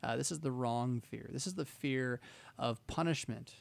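A man's voice: medium pitch, moderate pace, vocal fry, no room sound. A man giving conversational Bible teaching, rambling and self-interrupting, with wry asides.

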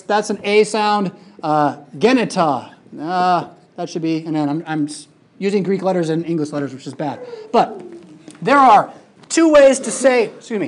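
A Bible teacher giving a classroom lecture, emphatic and lively, with informal asides. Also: mid-range voice. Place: classroom with a projected screen.

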